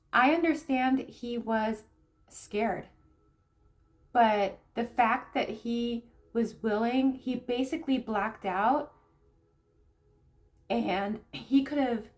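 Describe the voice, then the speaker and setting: Woman spiritual coach, higher voice, candid and halting, personal talk straight to camera. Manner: candid, halting, repeats phrases while recounting; soft, grounding, reflective. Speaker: spiritual coach and tarot reader.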